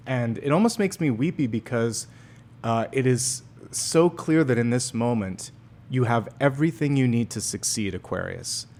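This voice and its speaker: A man who works as a tarot reader and medium, giving an earnest, gently encouraging monthly forecast with pauses and fillers. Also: medium pitch, lively intonation.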